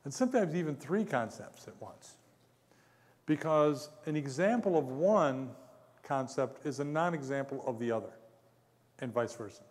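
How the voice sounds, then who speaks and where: A man's voice: mid-range voice, expressive, normal speed, darkish tone, big-room sound. A man giving a conference lecture, rambling between asides and chuckling at his own stories. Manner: rambling, chuckles often, self-deprecating.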